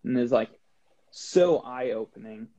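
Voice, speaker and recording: Speaking slowly in a mid-range voice, this male guest, a long-distance hiker, recounts a story during a relaxed conversation on the show. He brings it to life by performing the dialogue with lots of animation. Sound quality is dull and lo-fi, carrying a little noise.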